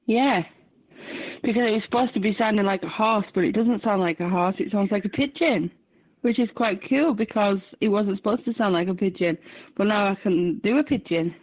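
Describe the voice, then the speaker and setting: A woman's voice: medium pitch, moderate pace. Giggly woman on a tinny radio link. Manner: giggly, teasing. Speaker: radio channel user. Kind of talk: casual radio chat.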